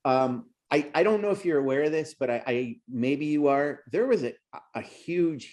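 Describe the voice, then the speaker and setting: A man hosting a racing podcast, talking in a rambling, emotional way and getting worked up as he goes. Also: darkish tone. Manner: emotional, rambling, pitch rising when worked up. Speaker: podcast host and race announcer. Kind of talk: casual podcast interview.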